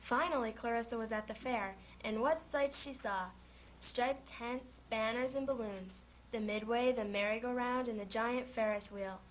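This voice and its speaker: A woman's voice: fairly high pitch, moderate pace, slight background noise, rough recording. Woman reading a children's story. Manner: gentle, lightly voices the animal characters. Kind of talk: children's story read aloud.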